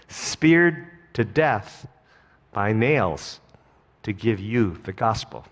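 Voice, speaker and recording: A middle-aged man preaching a sermon as pastor, earnest, slow and emphatic. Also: on the low side, big pitch swings. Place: church sanctuary. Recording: long hall reverb.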